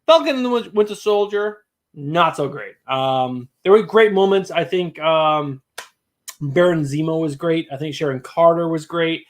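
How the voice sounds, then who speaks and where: A man's voice: a little high, expressive, moderate pace. A man co-hosting a casual live stream, talking in an easygoing, rambling way. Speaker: co-host.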